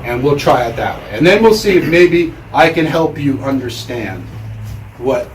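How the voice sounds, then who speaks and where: A man's voice: mid-range voice, animated, normal speed, slight background noise, natural voice. A man doing a patient old Zen master. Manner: gentle, instructive. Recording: roomy hall, mic far off.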